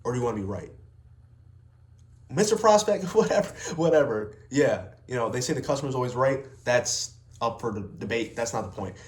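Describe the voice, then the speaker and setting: A young man talks straight to camera in a blunt, unscripted rant, swearing freely and leaning hard on his words. His voice sits at an ordinary middle pitch. The sound bounces around an echoey room. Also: fast, few pauses. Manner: blunt, heavy swearing, emphatic. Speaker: vlogger, salesman.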